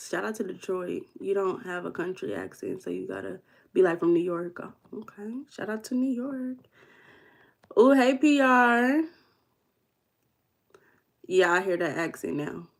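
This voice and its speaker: Her voice runs on the low side with vocal fry as she hosts a livestream from a room at home. She's a chatty Midwestern woman from the US who reads the chat aloud, teasing people and calling them out by name.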